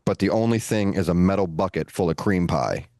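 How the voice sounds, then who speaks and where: A man co-hosting a podcast, telling a long story in an animated, relaxed way with playful asides. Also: low voice, fairly quick, a little hiss or hum. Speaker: podcast co-host. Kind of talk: casual storytelling.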